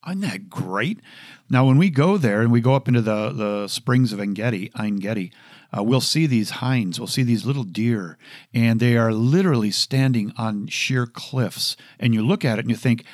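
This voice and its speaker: A man's voice: medium pitch, no echo, studio quality. Middle-aged man, emphatic Bible teacher. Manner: emphatic, repeats verses in shifting cadences; conversational, addresses listener directly.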